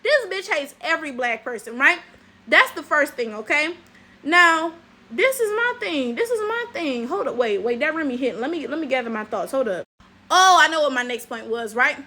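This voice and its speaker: A woman's voice: high voice, lively intonation, moderate pace, bright, forceful tone. A young woman from Detroit with a Detroit African American English accent, doing sassy, profane reaction commentary with lots of "right?" asides. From Detroit, USA. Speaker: YouTube commentary host.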